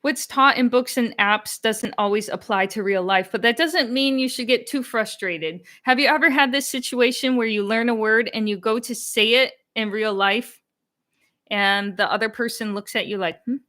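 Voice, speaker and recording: A woman's voice: fairly high pitch, normal speed, sharp tone. A young woman hosting a language-learning channel, chatting casually on a live stream and answering comments. She is candid, laughs often and slips into Chinese phrases.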